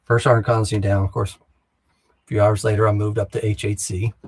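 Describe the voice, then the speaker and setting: Middle-aged male veteran guest, husky and fairly low, blunt and profane storyteller. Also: little pitch movement, normal speed, a little mellow. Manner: acts out other soldiers' lines in the retelling. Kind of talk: casual storytelling.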